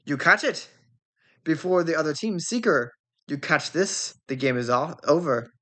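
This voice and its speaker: A woman voicing a brisk young male sports captain, explaining the rules in a lowered, even voice. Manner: lower-pitched, explaining step by step.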